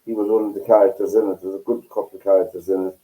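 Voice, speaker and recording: A man chatting as a panelist, measured and recalling details. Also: low-pitched, flat delivery, warm tone, rough recording. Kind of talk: casual panel chat.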